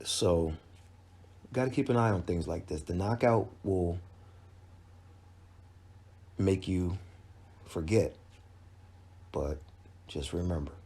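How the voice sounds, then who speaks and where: This boxing commentator recaps a fight casually for his channel in a low, dark, breathy voice, going slowly and pausing often. He's conversational and emphatic and frequently starts his sentences over.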